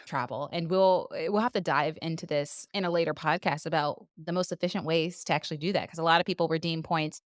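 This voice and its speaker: A woman talks briskly and chattily as a podcast co-host, trading playful stories at a quick clip. Her voice sits at an ordinary pitch. It is recorded close and dry, with no room sound. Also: steady tone, no echo. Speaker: doctor. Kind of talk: casual podcast chat.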